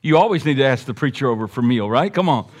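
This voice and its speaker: A man's voice: mid-range voice, animated, quick pace. A man preaching a sermon in an emphatic, folksy way with joking asides.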